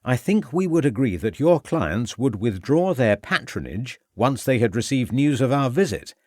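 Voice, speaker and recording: A man's voice: fairly low pitch, big pitch swings, darkish tone, no room sound, studio quality. A man voicing a determined male police inspector who speaks firmly and assertively. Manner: firm, assertive, measured.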